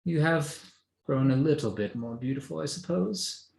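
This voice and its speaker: A man's voice: a little high, moderate pace, gravelly, darkish tone, roomy sound, pitched above the performer's own voice. A man voicing a rich, tipsy noblewoman mother who gushes and talks down to people in an airy, sing-song voice. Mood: gushing.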